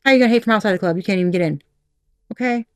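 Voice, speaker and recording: A woman's voice: medium pitch, very fast, dry recording, clean studio sound. A woman giving a casual tarot reading, candid and profane, laughing often and acting out little quoted voices. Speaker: tarot reader.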